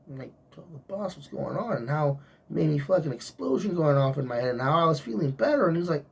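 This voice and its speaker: A man's voice: fairly high pitch, animated, quick pace, creaky, breathy edge, far from the mic. A man who works security, venting in a profane vlog rant about a coworker. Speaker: security guard.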